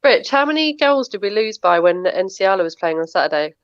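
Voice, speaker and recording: A woman on a fan football panel, challenging the others and quick to concede a point. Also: medium pitch, very animated, no room sound, dull audio. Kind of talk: casual fan show banter.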